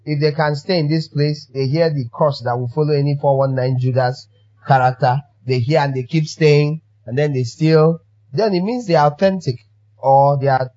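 A man's voice: fairly high pitch, darkish tone, lo-fi sound. A man preaching a sermon as pastor, emphatic and fond of repeating his phrases for effect.

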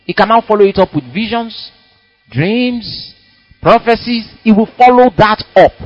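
A man preaching a sermon in a church, animated and dramatic, acting out little quotes as he goes. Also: high voice, a little slow, dry recording, lo-fi sound, faint music behind.

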